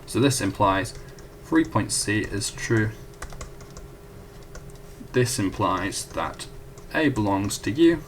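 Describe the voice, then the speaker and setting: This student tutor, a young man with a fairly low, expressive voice, talks slowly and leaves long pauses as he explains a math proof at the whiteboard. His manner is casual and chatty, full of self-corrections and apologies, and a little hiss or hum sits under the audio.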